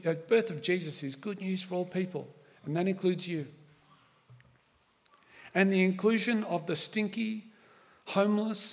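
Aussie pastor, highish voice, chatty sermon w lots of asides, big echoey hall. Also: male voice. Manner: conversational preaching with asides and rhetorical questions. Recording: long hall reverb.

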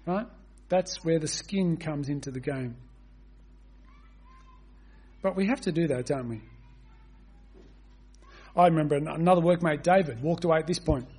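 A man delivers an expository sermon with earnest conviction. His voice sits high and carries a husky edge. He reads scripture at length and keeps turning to the congregation with rhetorical questions. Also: normal speed, pauses often, darkish tone. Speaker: preacher.

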